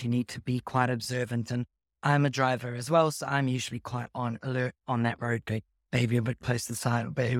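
A man's voice: mid-range voice, no echo, clean studio sound. A man, telling a personal story in a matter-of-fact, casual way.

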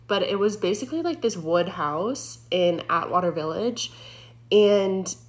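A young woman, a former EMT, casually telling a true scary story in an animated way, full of "like" fillers. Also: medium pitch, measured pace. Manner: animated, heavy use of "like" fillers.

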